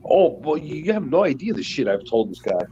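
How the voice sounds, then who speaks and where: A man's voice: fairly high pitch, very animated, brisk, dark tone, muffled recording, a little hiss or hum. A man joking around in a casual group chat. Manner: joking, playful.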